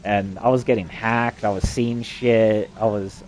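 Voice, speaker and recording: A man's voice: on the low side, fairly even intonation, a little slow, darkish tone, a little hiss or hum. A man from New Mexico delivering an agitated, profanity-laden rambling monologue. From New Mexico, USA.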